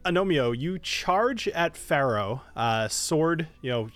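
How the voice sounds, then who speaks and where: Man, game master, halting descriptive narration, faint music underneath. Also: a little high, animated, a bit bright, no room sound. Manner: descriptive, halting, with many fillers.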